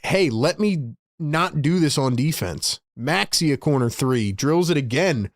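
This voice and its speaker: Recorded with studio quality and no echo, this man's voice sits fairly high. Hosting a live stream, he calls basketball play-by-play, venting frustration and exasperation at his team while talking with his chat.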